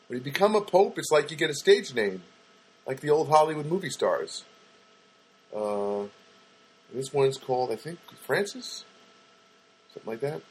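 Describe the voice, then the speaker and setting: Husky man rambling through a comic monologue. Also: a little high. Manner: musing, meandering with frequent fillers and self-corrections. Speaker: host of a comedy web show. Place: studio apartment.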